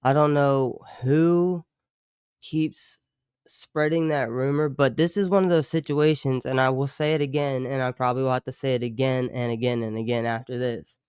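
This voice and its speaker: A man's voice: mid-range voice, fairly even intonation, moderate pace, a little mellow, clear, resonant tone, no echo. Slangy man, dry close sound. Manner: loose slangy talk, many "like" fillers, swearing; chuckles often between remarks. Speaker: livestream host. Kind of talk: casual livestream chat.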